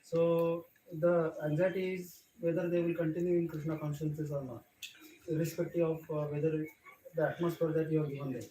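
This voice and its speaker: Mellow-voiced man asking hesitantly. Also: fairly high pitch, level tone. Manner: hesitant, pauses with fillers. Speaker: class attendee asking a question. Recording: echoey room, distant mic, faint noise.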